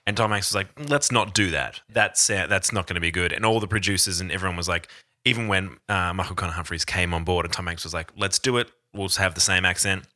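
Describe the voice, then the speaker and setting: A man's voice: deep voice, fairly even intonation, fast, pushed and bright. Dry, teasing podcast man. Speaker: podcast co-host. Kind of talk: casual movie chat.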